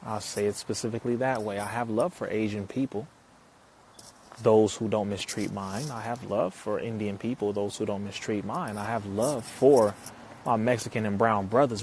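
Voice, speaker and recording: A man's voice: lowish voice, fairly even intonation, moderate pace, a little mellow, slight background noise. A man hosting a casual live stream, talking straight to viewers in an emphatic way, repeating lines for effect and answering comments as they come in.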